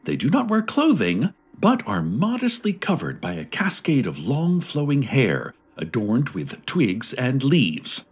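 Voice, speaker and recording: A man narrating a scripted fictional radio show as a deadpan announcer, with faint music behind him. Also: medium pitch, unhurried, breathy edge.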